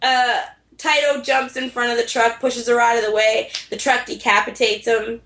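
A woman retells a story in a lively, casual way, slipping into the characters' voices. Her voice sits a little high. The room around her is echoey. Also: normal speed. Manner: animated storytelling, acts out characters' lines. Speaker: co-host recapping anime. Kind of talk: casual chat.

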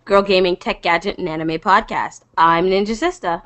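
A woman's voice: on the low side, normal speed, fairly bright tone. A woman hosting a casual podcast over an online call, playful and giggly, restarting the intro again and again. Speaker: podcast host.

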